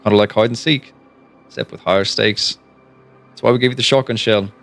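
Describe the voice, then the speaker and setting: Cocky, taunting male Irish gunman, done by a man reading aloud in a low-voiced, loud put-on accent. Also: steady tone, fairly quick, creaky, faint music behind.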